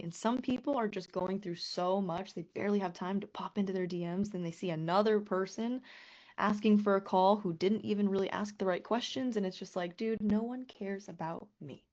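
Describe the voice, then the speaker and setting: A woman business coach teaching a live online class, earnest and lively, often swearing and acting out quoted messages. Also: medium pitch, dull audio.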